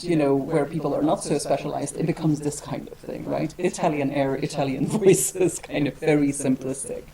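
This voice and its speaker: A woman with a low, settled voice gives an academic lecture to a room full of people. She talks in a wry, digressive way and hedges often as she thinks aloud. The murmur of the audience is clearly heard behind her. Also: low-quality recording. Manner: wry, digressive, with frequent hedging asides.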